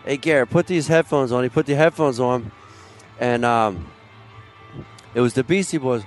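A man's voice: medium pitch, moderate pace, pauses often, soft background music. Man from Philadelphia telling rambling stories. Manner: rambling storyteller with fillers and laughs. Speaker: musician guest. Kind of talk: casual chat.

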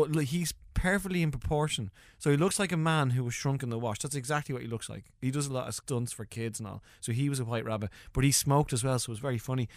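An Irish man chats as a comedian guest, spinning quick funny anecdotes and breaking into laughter. His voice sits at a medium pitch, and the recording is dry and close. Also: no echo. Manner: animated storyteller, laughs often, acts out voices. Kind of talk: casual interview anecdotes.

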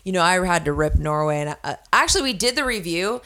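A woman's voice: fairly low pitch, quick pace. An American woman co-hosting a casual podcast, ranting with lots of swearing. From United States. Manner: profane, ranting, animated. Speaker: podcast co-host.

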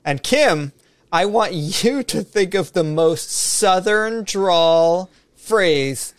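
A man's voice: sits high, expressive, very slow, no echo. Upbeat man co-hosting a podcast. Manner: upbeat, running a game segment. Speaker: podcast co-host. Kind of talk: casual chat.

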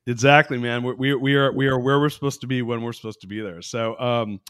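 Hyped-up podcast host, dry sound. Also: male voice, mid-range voice, fairly even intonation, a little fast, fairly bright tone, clean tone, dry recording. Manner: enthusiastic, hyped, chatty. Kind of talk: casual podcast interview.

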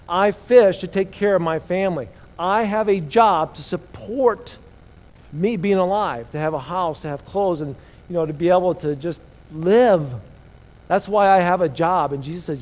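Man, pastor, sermon, somewhat high voice, loud and soft by turns, long hall reverb. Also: measured pace. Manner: rises and drops in loudness, rhetorical questions. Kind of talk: sermon with scripture reading.

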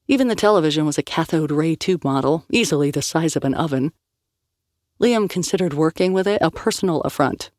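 A woman reads a novel aloud as an audiobook narrator, in a measured storytelling manner. The sound is dry and close, with no room echo. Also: sits low.

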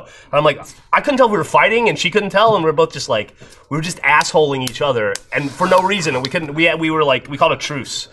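A man's voice: on the high side, lively intonation, fast, a bit bright, a little hiss or hum. A man co-hosting a casual podcast chat, telling stories with profanity and frequent laughs. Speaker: podcast co-host.

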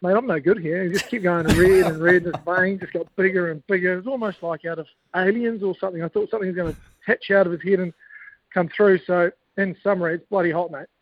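A former cricketer with a New Zealand accent guests on a casual podcast, telling stories in a laid-back way and laughing often. His voice is high-pitched with fairly even intonation, and he talks fast. The recording is muffled with slight background noise.

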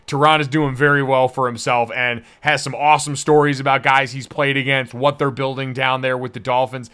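A man's voice: mid-range voice, fairly quick, clear, resonant tone. Upbeat young man hosting a sports podcast. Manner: energetic, joking, swears casually. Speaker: podcast host. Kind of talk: casual sports podcast chat.

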